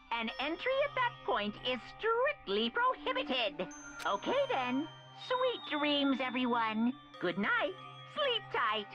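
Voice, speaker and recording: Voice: high-pitched, exaggerated voice. An actor voicing a theatrical, mischievous bear mascot headmaster in a game. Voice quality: sing-song, theatrical. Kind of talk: game voice acting. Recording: dull lo-fi game audio with music.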